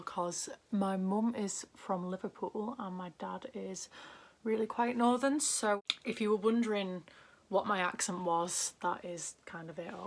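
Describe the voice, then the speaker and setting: A young woman with a Northern English accent chats through her makeup routine in a loose, rambling way. Her voice has a gravelly, fry-tinged edge, and her pitch sits mid-range. She often slips into soft half-whispers and ends sentences on an upward lilt. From Northern England. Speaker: beauty vlogger. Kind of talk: casual chat while doing makeup.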